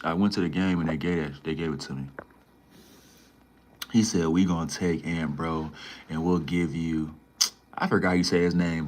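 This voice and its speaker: Man, young adult, deep low voice, casual, slangy, reads and answers chat. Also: a bit bright. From Minnesota. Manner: laid-back slangy banter, says "man" and "bro" a lot. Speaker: livestreamer. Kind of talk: casual livestream chat reading viewer comments.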